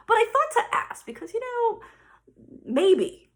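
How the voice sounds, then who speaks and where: High, lively mother telling a story. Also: unhurried. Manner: animated, exasperated retelling with quoted dialogue. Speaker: parent telling a story to camera. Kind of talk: casual storytelling vlog.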